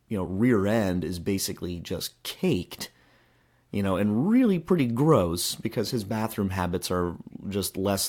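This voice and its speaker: A man in his thirties with a somewhat low voice hosts his own podcast and tells stories into a handheld microphone. He rambles in a relaxed, chatty way, piling up fillers and restarts. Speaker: podcast host. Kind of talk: casual storytelling monologue.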